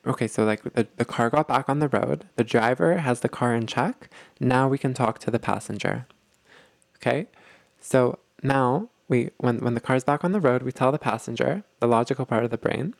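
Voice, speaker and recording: Gravelly man coaching his listeners. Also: medium pitch, animated, moderate pace, dry recording. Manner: coaching, repeats phrases and checks in with "okay?". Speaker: host of a relationship advice show. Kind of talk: conversational advice monologue.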